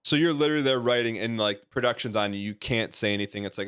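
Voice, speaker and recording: A man's voice: medium pitch, fast, fairly bright tone, clear, resonant tone, no room sound, clean studio sound. A man hosting a podcast, asking the guest rambling, probing questions with many fillers. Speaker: podcast host. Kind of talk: casual interview.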